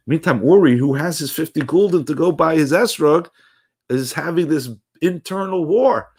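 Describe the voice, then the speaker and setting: A man giving a daily holiday message, retelling a story in a lively way with frequent restarts. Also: on the high side, brisk, breathy edge. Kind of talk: animated storytelling.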